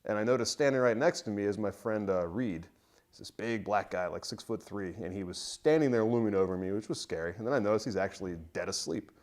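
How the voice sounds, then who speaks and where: Low-voiced man recounting an army story. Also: quick pace, darkish tone. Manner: loose and rambling, many fillers. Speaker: interviewee. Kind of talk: casual personal anecdote.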